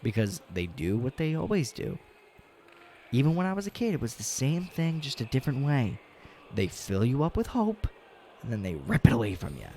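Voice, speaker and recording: A man streaming a game, talking casually and ranting with lots of swearing, dropping to low mutters and rising to loud outbursts. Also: huge pitch swings, moderate pace, a little hiss or hum. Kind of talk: casual gaming stream chat.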